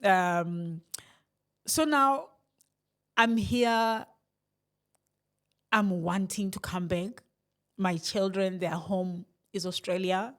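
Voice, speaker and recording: A middle-aged woman with a South African accent speaks straight to her viewers. Her talk is reflective and meandering, full of restarts, sighs and small laughs, at an ordinary mid pitch. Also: very slow, long pauses. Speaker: vlogger. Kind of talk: candid personal vlog monologue.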